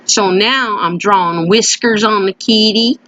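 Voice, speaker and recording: A woman's voice: medium pitch, measured pace, crowd noise, low-quality recording. A woman hosting a crafting video, chatting playfully as she works and often slipping into a put-on folksy country voice. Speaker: craft channel host. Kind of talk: casual crafting voice-over. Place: at home.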